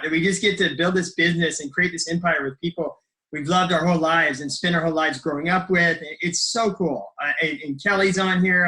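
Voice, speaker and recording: Upbeat middle-aged man, high and bright. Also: low-quality recording. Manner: enthusiastic, rambling with fillers and restarts. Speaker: health coach sharing his story. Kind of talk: motivational talk on a group call.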